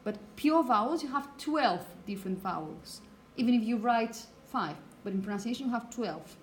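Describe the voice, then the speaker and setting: A woman's voice: fairly high pitch, expressive, moderate pace, slight background noise. A woman from Spain with a Spanish accent and Spanish as her first language, giving a phonetics lecture in a classroom and often checking in with "okay?". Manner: explanatory, frequent checking "okay?". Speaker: teacher.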